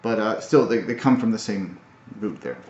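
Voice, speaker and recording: Low-voiced man in a roomy, dull recording. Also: animated, darkish tone. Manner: halting, thoughtful, many fillers and restarts. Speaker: language learner. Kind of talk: casual video recap.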